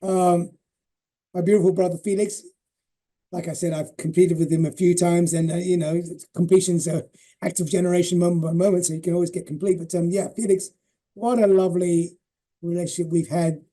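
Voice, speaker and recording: A man's voice: high voice, level tone, a little fast. A man in his sixties telling family stories in a rambling, affectionate way for a legacy interview. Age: 60s. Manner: warm, rambling, many fillers and restarts. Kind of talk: reminiscing personal storytelling.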